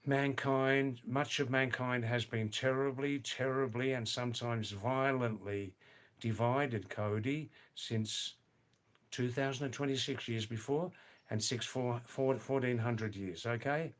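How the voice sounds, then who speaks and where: An older man in his seventies speaks with a mild Australian accent, easing toward a neutral middle-of-the-road sound. He talks very slowly and deliberately, musing aloud and pausing to call viewers by name as he answers comments on his live stream. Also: medium pitch, fairly even intonation. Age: 70s. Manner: unhurried, musing, pauses to address viewers by name. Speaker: livestream host. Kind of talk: casual live chat reading viewer comments.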